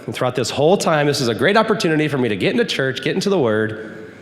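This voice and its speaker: A man's voice: a little high, big pitch swings, fast. Earnest young man preaching in a reverberant hall. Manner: earnest, storytelling, emphatic. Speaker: guest speaker. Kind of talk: testimony sermon to a youth group. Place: church hall.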